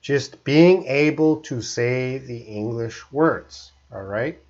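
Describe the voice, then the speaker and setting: A man's voice: mid-range voice, darkish tone. Canadian man teaching on a lo-fi stream. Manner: slow, deliberate teacher talk with frequent check-ins. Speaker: English teacher. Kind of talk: live-stream lesson.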